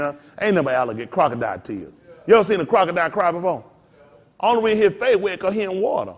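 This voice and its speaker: Animated high-voiced preaching man. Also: racing. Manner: folksy preaching with mock voices and laughter. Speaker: pastor. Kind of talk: sermon.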